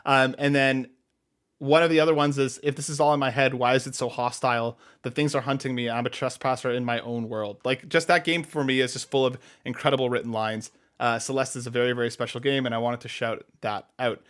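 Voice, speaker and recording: A man's voice: medium pitch, fairly even intonation, fairly quick, fairly bright tone, smooth. A man co-hosting a casual podcast in an upbeat way, reading listener questions aloud and answering them. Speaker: podcast co-host.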